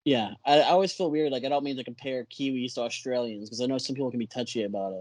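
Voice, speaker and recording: Texan guy on a podcast, mid pitch, kinda hesitant, dry close mic. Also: quick pace, darkish tone, no room sound. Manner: hesitant, searching for words. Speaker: podcast guest. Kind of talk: casual chat.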